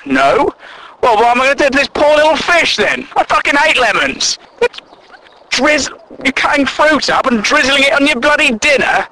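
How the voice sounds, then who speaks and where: A man's voice: extremely high pitch, expressive, normal speed, bright, forceful tone, a little hiss or hum, low-quality recording. A man doing a stand-up comedy routine, sweary and incredulous, acting out both sides of imagined conversations.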